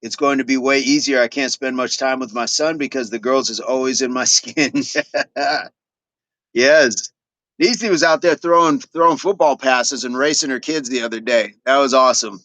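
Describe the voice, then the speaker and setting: A man's voice: mid-range voice, moderate pace, sharp tone, no room sound. A middle-aged man hosting a fitness livestream, chatting casually with viewers and repeating affirmations as he reads their comments.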